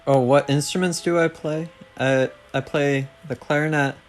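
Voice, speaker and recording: A man's voice: a little high, fairly even intonation, moderate pace, soft background music. A man streaming a game tournament, chatting in a laid-back, giggly way. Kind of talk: casual stream banter.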